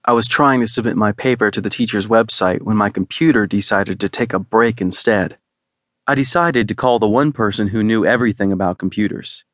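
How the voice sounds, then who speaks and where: A man reading a first-person romance novel in a wry, deadpan manner. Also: lowish voice, no echo. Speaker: audiobook narrator. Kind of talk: scripted first-person narration.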